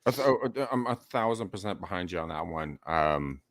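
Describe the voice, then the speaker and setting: A man's voice: deep voice, lively intonation, moderate pace, fairly bright tone, no room sound, studio quality. A man co-hosting a real estate podcast, chatting casually and coaching listeners in an emphatic way. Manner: emphatic, coaching tone, profane at times. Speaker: podcast co-host.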